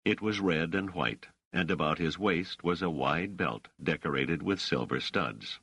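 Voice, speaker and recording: A man reading a novel aloud as scripted narration, in a measured storytelling manner. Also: low voice, a bit bright, breathy edge, no echo. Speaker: audiobook narrator.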